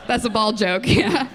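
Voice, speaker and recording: A woman in her twenties doing a live stand-up set on a comedy club stage. She talks quickly, with a self-deprecating tone, giggles often, and chats with the audience through a handheld mic. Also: fairly high pitch. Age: 20s.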